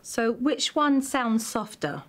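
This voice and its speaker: A fairly high-voiced woman hosts as a parenting expert. She talks in a direct, probing way, coaching parents and children. She often repeats her phrases for emphasis. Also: big pitch swings, slow.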